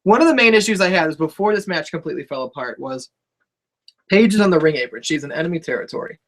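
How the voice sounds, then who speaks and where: A man with a notably high voice co-hosts a casual wrestling chat. He talks in an animated way, laughs often and acts out loud mock quotes. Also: fast talker. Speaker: wrestling podcast co-host.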